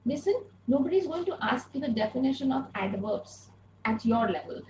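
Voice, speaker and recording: A woman's voice: sits high, expressive, brisk, a little mellow, roomy sound, slight background noise, poor audio. A woman teaching an online grammar lesson, patiently repeating key points and asking rhetorical questions, speaking through an earphone mic. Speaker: English teacher.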